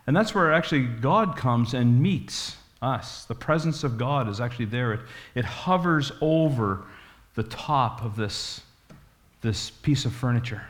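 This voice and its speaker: A man's voice: mid-range voice, expressive, unhurried, lightly acted. A man voicing a matter-of-fact gatekeeper who patiently explains the rules.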